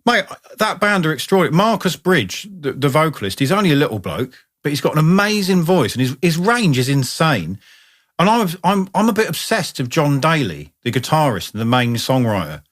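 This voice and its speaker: A man's voice: on the high side, sing-song, brisk, fairly bright tone. A man, co-hosting a podcast in casual chat and telling enthusiastic, sweary stories. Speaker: podcast co-host.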